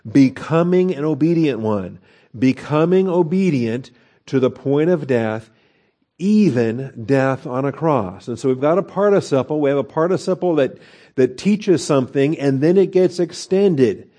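Man teaching a sermon, mellow voice. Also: on the high side, expressive, a little slow. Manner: explanatory teaching, frequent "okay?" checks, filler restarts. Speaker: pastor teaching a Bible study. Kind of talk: expository sermon.

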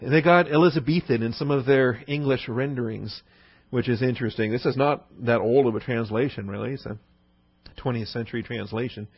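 A man's voice: medium pitch, a little fast, breathy edge, no echo, lo-fi sound. A man teaching a Bible lesson in a conversational sermon style, often asking the listeners "okay?". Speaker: pastor.

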